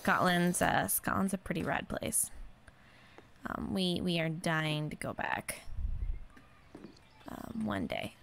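A woman's voice: fairly low pitch, animated, slow pace, gravelly, pauses often, a bit bright, a little hiss or hum. A young woman chatting casually and rambling while she plays a video game. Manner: chatty, rambling, self-deprecating. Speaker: gaming vlogger. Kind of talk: casual chat while gaming.

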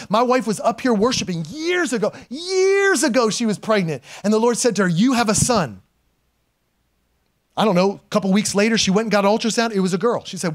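In a church sanctuary, a pastor in his forties preaches to his congregation with a high voice, emphatic and animated. He swings between loud calls and hushed storytelling, sometimes laughing at himself.

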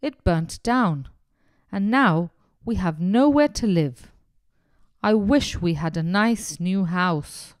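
A woman voicing a small, worried mother mouse in a storybook reading, squeaky and anxious. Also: animated, slow pace, no room sound, studio quality.

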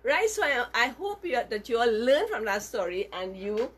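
Animated woman telling a children's story. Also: on the high side, moderate pace, slightly rough. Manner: animated, asks the children questions.

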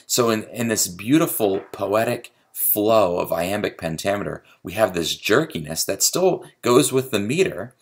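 A man's voice: fairly low pitch, expressive, moderate pace, breathy edge. A man giving a creative writing lecture, explaining poetry step by step and tapping out the meter aloud. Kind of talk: recorded video lecture.

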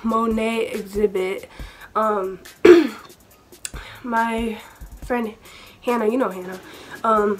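A teenage girl telling a storytime vlog in a chatty, rambling way, full of asides and fillers. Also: on the high side. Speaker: vlogger.

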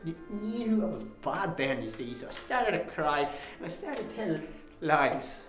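A man acting out a bitter, volatile son unloading years of resentment on his father in a film drama. His voice sits high and swings widely between low mutters and sharp peaks. A roomy echo hangs around him, with faint music underneath. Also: big pitch swings, measured pace. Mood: anguished. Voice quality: profane, raw and volatile. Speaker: actor in a dramatic monologue.

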